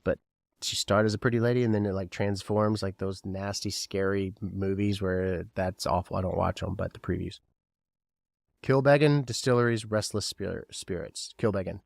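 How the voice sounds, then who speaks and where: A man's voice: low voice, fairly even intonation, moderate pace, gravelly, no echo. A man from Kentucky hosting a podcast alone, rambling and joking and firing questions at the listener. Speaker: podcast host. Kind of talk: casual solo podcast chat.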